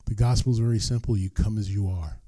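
A man's voice: on the low side, steady tone, quick pace, mellow, dry recording. An older man preaching a sermon as pastor, earnest and emphatic, repeating his key phrases.

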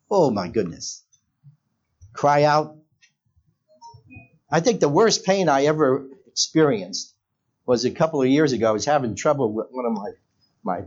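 A man preaches a sermon to a church congregation, speaking slowly with a pitch that swings up and down a lot. He keeps turning to the listeners with questions, and the church recording sounds a little dull and lo-fi. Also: animated, husky. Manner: conversational, asks the congregation questions. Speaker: pastor.

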